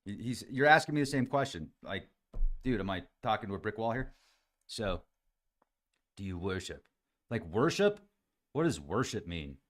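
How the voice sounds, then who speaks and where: A man's voice: on the low side, big pitch swings, normal speed, pauses often. A man hosting a podcast livestream, chatting casually, reading viewer comments aloud and addressing people by name. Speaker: podcast host reading live chat comments.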